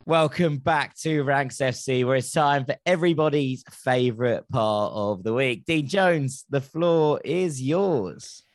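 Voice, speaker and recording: A man's voice: mid-range voice, measured pace, few pauses, no echo. Man hosting a chatty podcast, dry sound. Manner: animated, exasperated storytelling. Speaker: podcast host. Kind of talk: casual chat.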